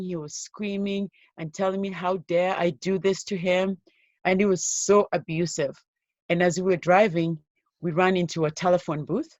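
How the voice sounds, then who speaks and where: A woman giving an interview as a guest, telling her own life story in an earnest, steady way. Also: lowish voice, no echo, lo-fi sound. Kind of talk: personal story told in an interview.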